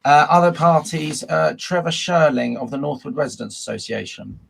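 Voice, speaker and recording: A man's voice: fairly high pitch, expressive, normal speed, vocal fry, slightly rough. A man chairing a formal council meeting over a video call, working through procedure with frequent ums and uhs.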